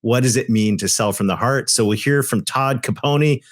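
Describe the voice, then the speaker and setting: Earnest and emphatic, this male podcast co-host drifts into loose asides as the conversation unfolds. He talks at a normal speed in a medium pitch. The recording is dry and studio-quality.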